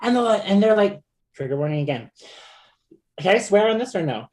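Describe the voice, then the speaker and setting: A man's voice: high voice, very animated, brisk. A man talking as a podcast guest in casual chat, stopping and restarting often and laughing between stories.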